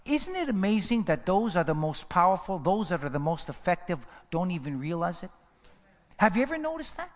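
High-pitched preacher man in a reverberant hall. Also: sing-song, brisk. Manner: passionate, swings from hushed low asides to rising emphatic runs. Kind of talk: sermon.

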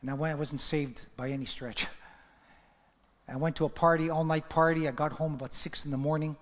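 A male preacher with a somewhat high, steady voice delivers a testimony sermon a little fast, telling the story dramatically before rising into fervent exhortation. His voice rings out amid a long hall reverb.

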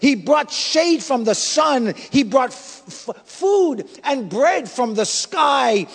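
A male pastor delivering an emphatic sermon, swinging between loud bursts and soft asides. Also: very high voice, very animated, slow pace, gravelly, few pauses, slightly rough, big-room sound. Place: church sanctuary.

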